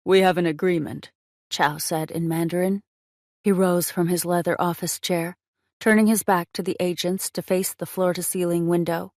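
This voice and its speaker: A woman narrating a romance audiobook in a measured, expressive reading on a close mic. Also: lowish voice, no room sound.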